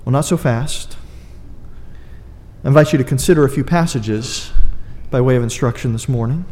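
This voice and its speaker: A man's voice: mid-range voice, moderate pace, a little mellow, long reverb tail. A man preaching a sermon, earnest and emphatic, with dry asides to his congregation. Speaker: pastor.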